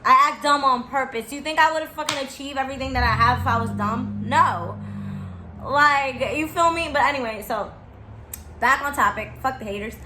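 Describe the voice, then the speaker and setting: A woman's voice: high voice, moderate pace, roomy sound, noisy background. A woman in her twenties talking candidly to camera, blunt and profane, repeating her reassurances for emphasis. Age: 20s. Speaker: vlogger.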